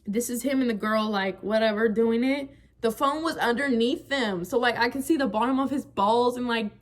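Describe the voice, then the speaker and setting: A young woman telling a frank, animated storytime to her viewers, full of slang and "like". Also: a little high. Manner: animated, frank, slangy, many fillers like "like" and "bro". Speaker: vlogger. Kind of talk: casual storytime chat.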